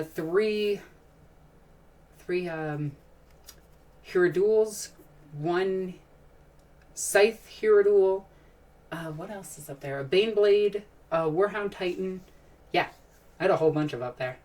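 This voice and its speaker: A woman's voice: medium pitch, far from the mic. A woman hosting a casual live stream, chatting and answering questions from chat in a rambling, enthusiastic way, with frequent sighs and restarts.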